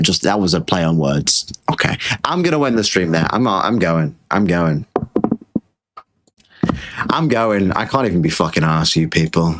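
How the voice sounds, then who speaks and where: A British man hosting a livestream, ranting sarcastically and swearing, tired and irritated. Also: deep voice. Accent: British English. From Britain. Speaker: livestream host. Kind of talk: casual livestream rant.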